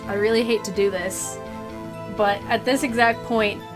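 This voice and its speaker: A woman's voice: mid-range voice, fairly even intonation, moderate pace. A woman game streamer chatting casually, exhausted and apologetic, swearing freely. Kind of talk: casual livestream chat. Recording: music playing behind.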